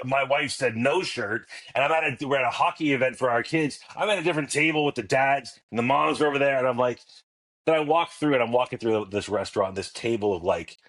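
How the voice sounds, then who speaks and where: A man's voice: mid-range voice, a bit bright. A man in his forties, a podcast guest, telling family stories with comic timing and acting out the dialogue. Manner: anecdotal, comic, acts out dialogue. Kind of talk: casual storytelling chat.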